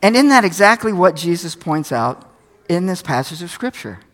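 High-voiced older man preaching folksily. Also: big pitch swings, normal speed, a bit bright. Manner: folksy, conversational preaching with anecdotes. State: a little tired. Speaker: pastor. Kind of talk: sermon.

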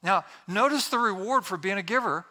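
A man's voice: high voice, lively intonation, brisk, bright, forceful tone. A man preaching a humorous, conversational sermon to a congregation, acting out little quotes as he tells his stories. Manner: jokey, conversational storytelling with acted-out quotes. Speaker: pastor. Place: church with congregation.

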